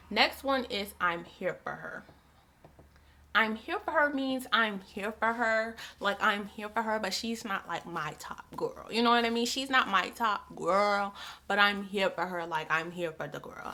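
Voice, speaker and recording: Young female book vlogger, bright voice, loose chatty delivery. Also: mid-range voice, unhurried. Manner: chatty, repeats herself, many "like" fillers. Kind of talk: casual chat.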